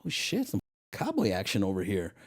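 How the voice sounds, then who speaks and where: A man's voice: fairly low pitch, brisk, husky. A middle-aged man, a retired federal agent, telling stories as a guest in a casual interview and acting out the dialogue. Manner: animated, acts out quoted dialogue.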